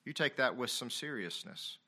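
A man preaching a sermon, swinging between loud emphatic passages and quiet, confessional ones, reading scripture aloud. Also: medium pitch, animated, normal speed, husky. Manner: reads King James scripture aloud.

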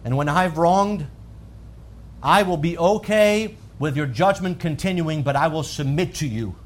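A man preaching a sermon, swinging from calm teaching to loud, fervent high-pitched emphasis. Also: a little slow.

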